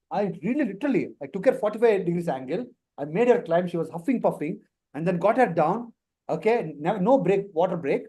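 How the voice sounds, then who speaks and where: An instructor with a Telugu Indian accent runs a live online career workshop, his high voice warm and slightly rough. He teases the class playfully and mixes Telugu words into his English.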